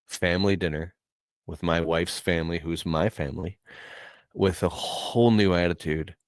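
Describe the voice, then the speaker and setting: A man's voice: low voice, no room sound. A man telling a personal story in a casual, heartfelt way, earnest and emotional, with casual slang.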